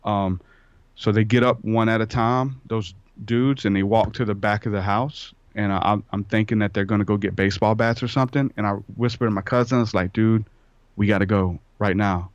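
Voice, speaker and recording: Low-voiced man telling a rambling story. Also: fairly even intonation, brisk, no room sound. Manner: rambling, acts out quoted dialogue. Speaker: podcast guest. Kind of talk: casual storytelling. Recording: dull lo-fi sound.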